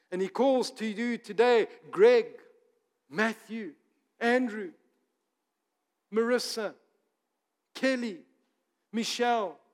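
Male pastor, sermon, slow delivery, emphatic then hushed, long church-hall reverb. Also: sits high. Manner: swings from emphatic to hushed and soft.

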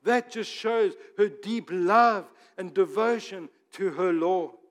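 Male pastor, sermon, slow delivery, emphatic then hushed, long church-hall reverb. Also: sits high. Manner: swings from emphatic to hushed and soft.

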